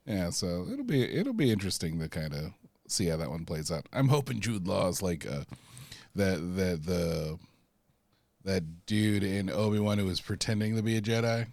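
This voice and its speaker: Playful man with a lively voice. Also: deep voice, creaky, no room sound. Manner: playful, deliberately mispronounces words. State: relaxed, drinking gin. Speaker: podcast co-host. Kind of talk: casual chat.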